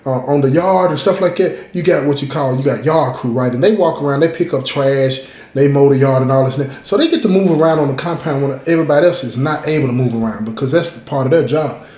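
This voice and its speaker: In an echoey room, a man with a medium-pitched, somewhat dark voice hosts his own show. He tells a story casually but emphatically, repeating points and addressing his listeners directly.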